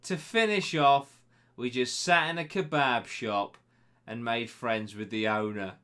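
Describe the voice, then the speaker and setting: A man's voice: medium pitch, measured pace, pushed and bright, smooth. A young man hosting a web show, reading a listener's email aloud with sarcastic, swearing asides. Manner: banter-heavy, sarcastic asides to the sender.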